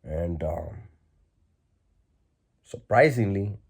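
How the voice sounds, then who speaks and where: A man's voice: sits low, animated, drawn-out words, vocal fry, breathy edge. A man telling a story in a casual, blunt, streetwise way, with lots of fillers.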